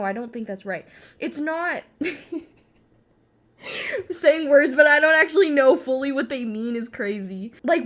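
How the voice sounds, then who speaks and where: A young woman chatting alone while she paints, rambling and self-mocking, swearing often and now and then breaking into yelling. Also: a little high. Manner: frequent swearing and filler "like". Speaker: vlogger. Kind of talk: casual chat while painting. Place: alone at home.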